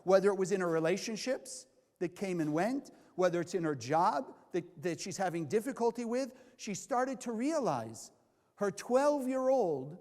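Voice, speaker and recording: A man's voice: sits high, a little mellow. A man from California teaching a Kabbalah class, asking the audience questions and answering them himself. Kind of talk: lecture to a live class. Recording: long hall reverb.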